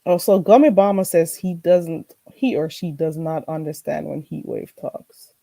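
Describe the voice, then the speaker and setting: A woman with a Caribbean accent hosting a casual livestream chat, emphatic and animated, often laughing as she talks. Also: sits low, measured pace, gravelly, no echo. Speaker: livestream host.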